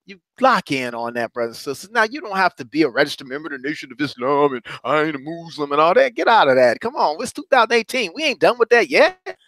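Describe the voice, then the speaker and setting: Man, high voice, motivational coach, emphatic repetition, dry close sound. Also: very animated, fast, no echo. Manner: emphatic and repetitive, swings from low murmurs to loud high exhortation. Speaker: self-described courage coach. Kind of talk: motivational talk to a congregation.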